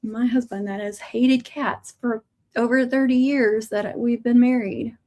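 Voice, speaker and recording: A woman's voice: on the high side, steady tone, unhurried, darkish tone. A middle-aged woman telling a long, chatty story on a casual livestream. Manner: chatty storytelling with laughs and asides. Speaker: craft channel host.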